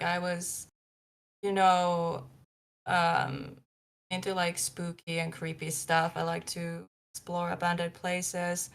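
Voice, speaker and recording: A young woman, a paranormal investigator guest, telling her story in casual live-show talk, rambling with many likes and ums. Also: on the low side.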